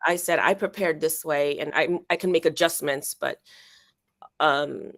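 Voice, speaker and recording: A woman in her fifties with a somewhat low voice, recorded dry and close. She answers thoughtfully, pausing and restarting often as she chats. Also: steady tone, no echo. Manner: reflective, hesitant, many fillers. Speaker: actress, guest. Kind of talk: casual interview chat.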